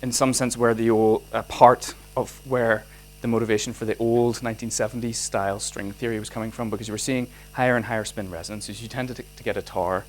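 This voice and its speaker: A man with a Northern Irish accent lectures on physics in a hall. His pitch sits mid-range and he talks in an animated way, stopping and restarting sentences. A faint mains hum sits under the recording. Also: quick pace. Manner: animated, many restarts and fillers.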